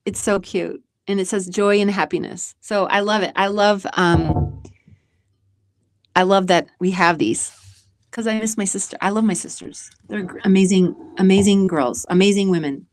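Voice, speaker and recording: Female vlog host from Massachusetts, mid-range voice, dry close sound; chatty, emotional, quick to laugh. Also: mid-range voice, no room sound. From Massachusetts, USA. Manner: chatty and emotional, laughs often, restarts a lot. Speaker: show host and community founder. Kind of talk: casual vlog answering questions.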